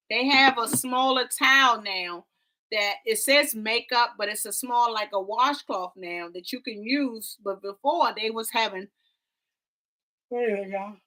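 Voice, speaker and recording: Bright animated woman telling a story. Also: fairly high pitch. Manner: animated, dramatic storytelling with y'all and quoted voices. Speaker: vlog co-host. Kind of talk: casual travel storytelling.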